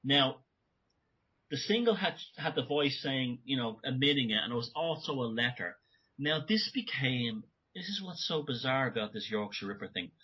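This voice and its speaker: A man speaking as a guest in an interview, animated and talking in bursts with frequent restarts. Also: mid-range voice, moderate pace, slightly rough. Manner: animated, many restarts and asides. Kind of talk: conversational interview. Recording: dull lo-fi audio.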